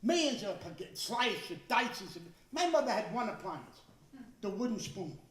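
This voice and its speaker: A man in his sixties doing a stand-up comedy routine, talking loudly with stammering restarts and shouted punchlines. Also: sits high, sing-song, unhurried. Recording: echoey room, voice from some distance.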